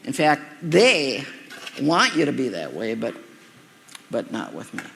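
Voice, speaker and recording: A man's voice: medium pitch, huge pitch swings, a little slow, creaky, a bit bright, in a large hall, slight background noise. A man preaching a sermon in a loose, conversational way, with asides and repeated words. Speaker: pastor.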